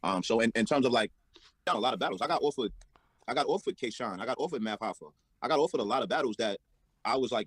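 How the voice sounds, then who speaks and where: A man's voice: medium pitch, animated, fast talker, fairly bright tone, slightly rough, no echo, poor audio. A man being interviewed as a rapper, laid-back and casual, often repeating words.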